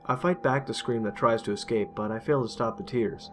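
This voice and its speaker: A man reading a dark first-person story aloud, intense and emotional. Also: medium pitch, fairly quick. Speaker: narrator. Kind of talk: dramatic horror story reading. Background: faint music.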